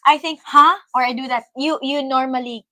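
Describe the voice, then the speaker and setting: A woman from the Philippines with a Filipino accent, co-hosting a casual livestream, chatty and quick to laugh, choosing her words carefully. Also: high voice, fairly even intonation, bright, forceful tone, no echo, rough recording. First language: Tagalog. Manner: chatty, laughs often, careful deliberate phrasing. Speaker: livestream co-host.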